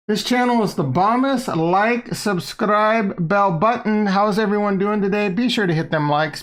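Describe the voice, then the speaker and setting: Hyped, playful man streaming live. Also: sits high. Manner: hyped, playful, rambling banter with chat. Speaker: livestream host. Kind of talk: casual livestream chat.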